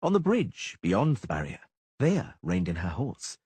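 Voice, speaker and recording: A man narrating an audiobook in a husky voice, shifting into character voices. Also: mid-range voice, huge pitch swings, measured pace, a little mellow, no echo.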